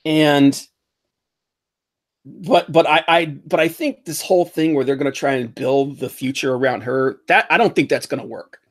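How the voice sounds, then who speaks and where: A man with a slightly high-pitched voice chats casually about movies and celebrities on a podcast. He rambles, restarts his sentences and laughs as he mocks what he describes. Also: moderate pace. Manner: rambling, animated, laughs while mocking. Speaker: podcast host. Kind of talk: casual pop-culture chat.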